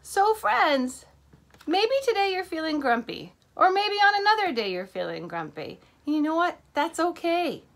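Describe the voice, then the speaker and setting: A woman teacher reading a picture book to children in an animated way, stopping to ask them questions. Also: very high voice, measured pace, vocal fry.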